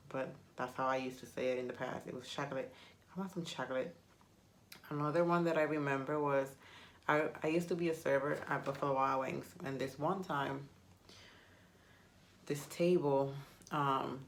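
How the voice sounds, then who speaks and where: A woman's voice: rumbling low, slight background noise. A woman whose first language is Spanish, chatting casually to camera and rambling with self-mocking humor. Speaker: vlogger.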